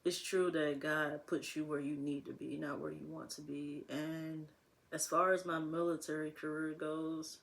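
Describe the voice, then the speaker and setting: A woman's voice: low-pitched, little pitch movement, a little slow, vocal fry. A young woman talking casually to camera as a vlogger, rambling and laughing often.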